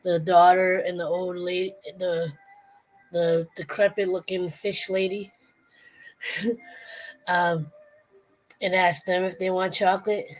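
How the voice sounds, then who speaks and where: A woman hosting a casual late-night livestream, chatting in a rambling way with many restarts. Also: fairly low pitch. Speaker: livestream host.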